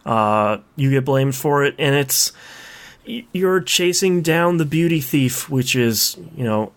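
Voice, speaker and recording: Easygoing male podcast host at an average pitch, unhurried and full of ums as he leads the recap. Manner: laid-back, many ums, steady agreement. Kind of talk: casual game discussion.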